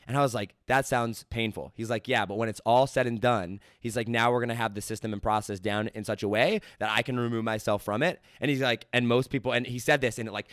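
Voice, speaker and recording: A man in casual business conversation, telling stories in an animated way and acting out the dialogue he quotes. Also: medium pitch, clean tone, no echo, studio quality. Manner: animated storyteller who acts out quoted dialogue.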